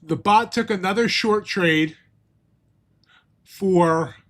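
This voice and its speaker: A man's voice: high voice, slow pace. Chatty man hosting a live stream. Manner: chatty, jokey, thinks out loud. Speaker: trading livestream host. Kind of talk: casual live-stream chat.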